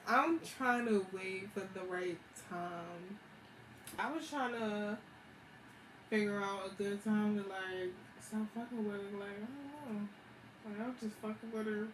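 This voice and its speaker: A young woman, telling a story in a slangy, animated, casual way with frequent laughs. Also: mid-range voice. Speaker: vlogger. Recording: echoey room with background noise.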